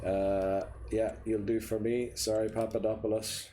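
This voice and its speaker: Low-voiced streamer, ranting and swearing. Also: male voice, little pitch movement, a little slow, hardly any pauses, warm tone, a little hiss or hum. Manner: ranting, swears freely, then apologises. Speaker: gaming streamer. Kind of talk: casual gameplay commentary. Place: seated at a computer desk, indoors. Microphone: desk microphone, sometimes leaning back from it.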